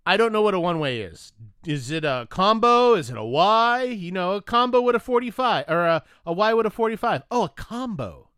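Animated high-voiced man telling a story. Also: brisk, smooth, no echo, clean studio sound. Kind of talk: casual chat.

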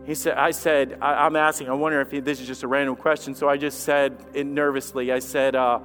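A man preaching a sermon as lead pastor, impassioned, swinging from hushed to loud and repeating phrases. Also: medium pitch, level tone, fairly quick, soft background music.

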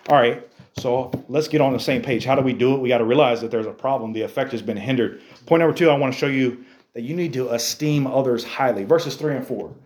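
A man preaching a sermon as a youth pastor, animated, firing rhetorical questions at a youth group. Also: medium pitch, fast, roomy sound.

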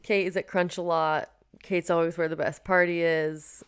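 A woman co-hosting a casual podcast, relaxed, retelling a book with fillers like "um" and "like". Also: fairly low pitch, normal speed, clean tone. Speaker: podcast co-host summarizing a book. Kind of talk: casual book discussion chat.

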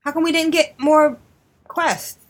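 A woman's voice: sits high, fairly even intonation, measured pace. Chatty, giggly woman hosting. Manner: chatty, giggly, rambling with fillers. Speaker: podcast host. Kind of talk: casual chat.

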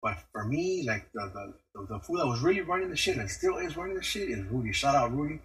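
A man's voice: medium pitch, big pitch swings, fast, a bit bright, slightly rough, rough recording. A man telling a story in a casual podcast rant, heavy on slang and cursing. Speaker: podcast host.

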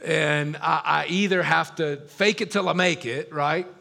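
A male pastor delivering a sermon through casual, self-mocking stories. His voice sits a bit high and rings bright and forward, with a gravelly edge at the ends of his phrases. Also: fairly even intonation, unhurried. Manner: casual, self-deprecating storyteller. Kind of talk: storytelling sermon.

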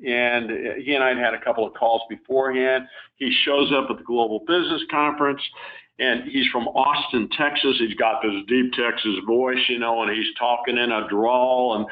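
A man's voice: mid-range voice, moderate pace. Man on a tinny phone line. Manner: relaxed, rambling, many fillers. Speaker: interview guest, former company executive. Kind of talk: casual conversational interview.

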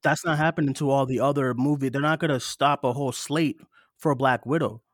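A man co-hosting a podcast, ranting in rapid bursts with emphatic swearing. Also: medium pitch, fairly even intonation, no echo. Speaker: co-host. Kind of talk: heated casual podcast chat. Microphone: studio mic, remote co-host.

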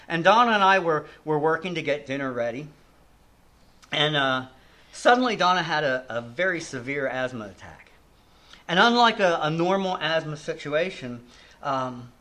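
A man's voice: fairly high pitch, sharp tone. Earnest older man preaching. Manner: earnest, reflective, with repeated restarts and falling line endings. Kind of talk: sermon.

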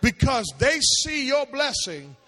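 A man preaching a Bible class with animated calls to the audience and sing-song lines that rise into shouts. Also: very high voice, takes it slowly. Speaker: pastor teaching a seminary class. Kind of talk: preaching-style Bible teaching. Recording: long hall reverb.

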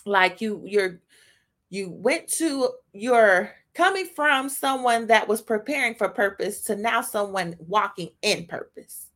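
A woman hosting a faith podcast, speaking off the cuff, emotional and choked up, halting with frequent restarts. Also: medium pitch, lively intonation, a bit bright. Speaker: podcast host giving a devotional. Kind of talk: spontaneous faith talk.

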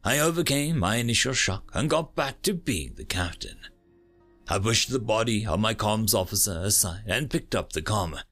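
A man narrating a dramatic first-person story, sometimes dropping into hushed tones. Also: lowish voice, expressive, normal speed. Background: faint music.

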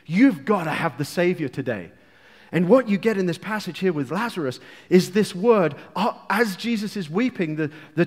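A high-pitched English man preaches with fervor, dropping to near-whispers and then rising to loud outbursts. He teases his congregation with quick asides, and his voice rings out with a long reverb, as in a large church hall. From England. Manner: passionate, swinging from hushed to loud outbursts. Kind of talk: sermon.

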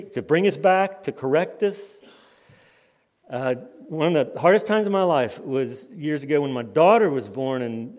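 Storytelling preacher in a reverberant hall. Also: male voice, a little high. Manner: lively storytelling, voice rising and dropping with the tale. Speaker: conference speaker. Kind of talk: sermon with personal stories.

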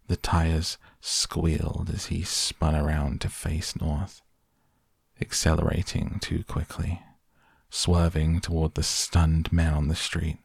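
A man narrating a story in a measured, even way, reading an audiobook. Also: very deep voice, gravelly, breathy edge, no room sound, studio quality.

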